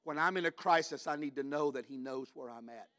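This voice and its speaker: A man preaching a sermon in a church, moving between quiet personal storytelling and loud, shouted declarations. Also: mid-range voice, a little fast. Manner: shifts from hushed storytelling to shouted climaxes.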